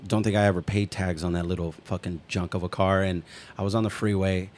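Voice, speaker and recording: Low-voiced man telling rambling stories. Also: little pitch movement, brisk, darkish tone, slight background noise. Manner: swears freely, rambling anecdotes, acts out quotes. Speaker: podcast co-host. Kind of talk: casual storytelling chat.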